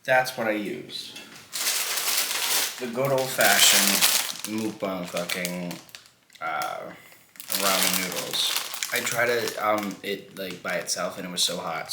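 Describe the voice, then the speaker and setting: A man's voice: sits low, echoey room, heavy background noise. A man in his twenties chatting casually while eating noodles for a mukbang, rambling and joking with some swearing. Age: 20s. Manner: rambling, playful, swears freely. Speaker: mukbang vlogger.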